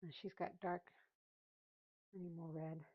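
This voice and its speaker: A woman's voice: on the low side, flat delivery, unhurried, highs cut off. A woman chatting casually while she paints, laughing often and talking to herself. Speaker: painting vlogger.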